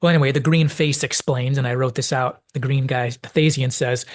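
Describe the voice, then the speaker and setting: A man's voice: medium pitch, fairly even intonation, a little fast, few pauses. A man hosting a video essay, reflectively analyzing a classic TV episode and thinking aloud as he goes.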